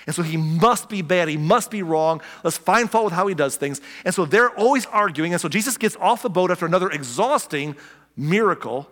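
A pastor giving a conversational, animated sermon, joking and acting out the people he quotes. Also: high-pitched, fairly quick. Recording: long hall reverb.

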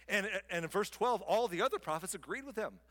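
Casual preacher, long hall reverb. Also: male voice, sits high, animated, a little fast, fairly bright tone. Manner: casual, conversational storytelling. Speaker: pastor. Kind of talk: sermon.

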